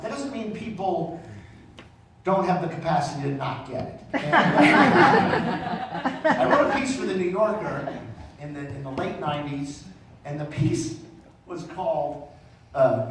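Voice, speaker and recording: Animated man telling funny stories, echoey. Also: high-pitched, distant mic, a little hiss or hum. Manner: animated, acts out voices in his anecdotes. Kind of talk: stand-up storytelling.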